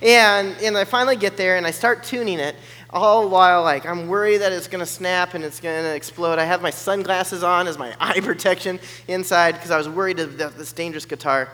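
High-voiced man telling an animated story. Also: a little fast. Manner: animated, acts out the other people's voices. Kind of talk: personal storytelling. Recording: long hall reverb.

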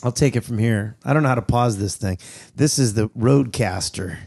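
A man's voice: mid-range voice, brisk, gravelly, darkish tone, slightly rough. A man hosting a comedy podcast, chatting casually and rambling, breaking into silly quoted voices. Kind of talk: casual chat.

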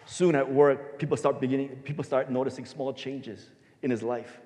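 A man pastor giving a sermon, telling a story and swinging his voice between loud and soft for emphasis. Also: medium pitch, fairly even intonation, moderate pace. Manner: storytelling, varies loudness for emphasis. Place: church sanctuary. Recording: long hall reverb.

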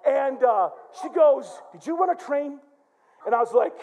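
A male pastor from Michigan preaching in church, telling a story with lively acted-out quotes and shouts. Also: very high-pitched, a little slow, dull audio. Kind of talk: sermon.

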